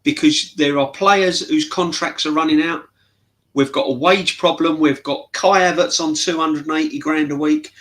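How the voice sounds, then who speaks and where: A man makes his case with earnest insistence as a guest on a fan show. His voice is bright and a little high, with a sharp edge. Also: lively intonation, moderate pace. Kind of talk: heated football fan discussion.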